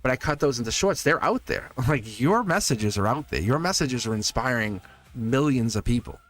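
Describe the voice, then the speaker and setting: A man hosts a live tarot reading, talking straight to his viewers in a loose, chatty way. He laughs often and doubles back on his words. His voice sits in an ordinary middle pitch, with faint music playing underneath. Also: expressive, normal speed, a bit bright. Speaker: tarot reader, livestream host.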